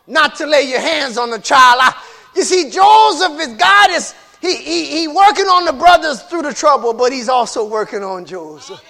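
A man preaching a sermon, swinging between shouted whooping and low, hushed talk. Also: creaky.

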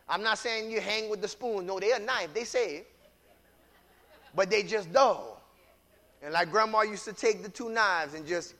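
A man preaching a sermon with call-and-response phrases, repeating lines and building into shouts. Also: high-pitched.

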